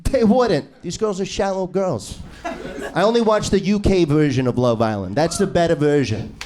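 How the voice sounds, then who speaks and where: Brash high-voiced male stand-up comic. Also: moderate pace, darkish tone. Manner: brash, crude, needling the crowd. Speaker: stand-up comedian. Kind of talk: improvised stand-up set. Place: small comedy club room.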